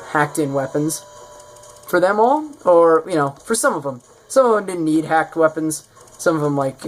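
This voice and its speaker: A man casually presenting his own game mod in a showcase, rambling and correcting himself as he goes. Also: a little high. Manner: rambling, self-correcting, offhand.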